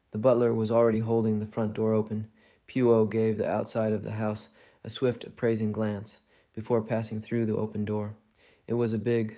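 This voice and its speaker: A man narrates a classic mystery tale in a low, dark voice with a gravelly edge. He reads quietly and evenly, barely moving in pitch, as if lulling a listener toward sleep. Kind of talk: calm storybook narration.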